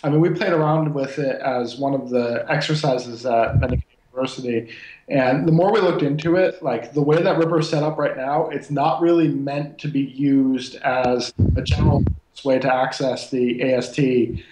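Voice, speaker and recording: A man's voice: medium pitch, fairly even intonation, normal speed, a little mellow. A man on a podcast panel explaining in a loose, filler-heavy way. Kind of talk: casual technical discussion. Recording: roomy with faint noise.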